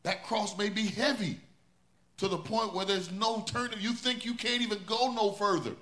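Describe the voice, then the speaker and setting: Preacher guy, bright high-ish voice, repeats his lines over and over, sermon energy. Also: fairly even intonation, normal speed. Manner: preaching with rising and falling intensity, repeating refrains. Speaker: pastor.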